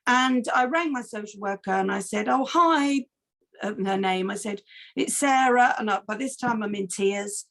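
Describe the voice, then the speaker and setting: A middle-aged woman, a foster carer and campaigner, answering interview questions in an earnest, animated way, with many restarts. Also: medium pitch, normal speed, vocal fry.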